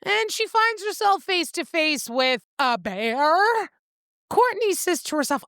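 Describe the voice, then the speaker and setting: A woman's voice: extremely high pitch, unhurried, no room sound, clean studio sound. A woman co-hosting a casual book chat podcast, retelling the plot with acted-out lines and frequent laughs. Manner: animated storyteller, acts out lines, laughs often. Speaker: podcast co-host.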